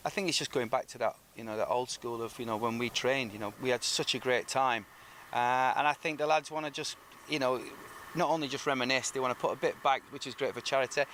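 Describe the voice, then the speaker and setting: Middle-aged ex-footballer telling stories. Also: male voice, medium pitch, fast, slight background noise. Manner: lively storyteller who acts out quoted speech. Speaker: former professional footballer, guest. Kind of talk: relaxed anecdotal interview.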